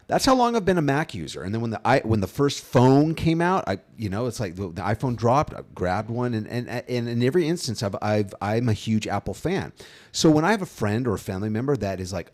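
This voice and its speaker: A man in his fifties co-hosting a casual marketing podcast, talking animatedly and jumping up into voices when he quotes people. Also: a little fast. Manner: animated, acts out quoted voices with big pitch jumps. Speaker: co-host, brand strategist.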